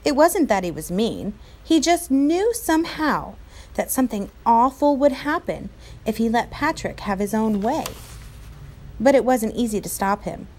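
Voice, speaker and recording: A woman teacher reading a novel aloud to her class, clear and expressive. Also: fairly high pitch, measured pace.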